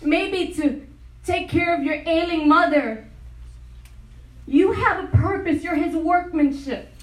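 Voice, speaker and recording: A woman delivers a sermon at a retreat, her voice high and her storytelling animated and full of laughter. She sounds a little distant from the mic, and the hall around her echoes. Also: takes it slowly. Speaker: retreat speaker. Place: large hall.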